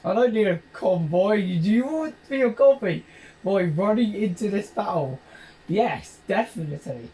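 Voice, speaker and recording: A man's voice: high voice, expressive, normal speed, dark tone. A British man giving rambling, jokey gameplay commentary, describing himself as a dull talker. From Britain. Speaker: gaming channel host.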